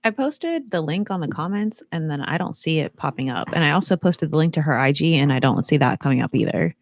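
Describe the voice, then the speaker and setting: A woman co-hosting a casual chat, quick and enthusiastic. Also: sits low, lively intonation, no room sound.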